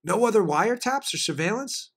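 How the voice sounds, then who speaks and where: This political talk show host speaks with a New York accent, delivering emphatic, rapid arguments alongside ad reads. His voice sits high and is expressive and gravelly, with a breathy edge.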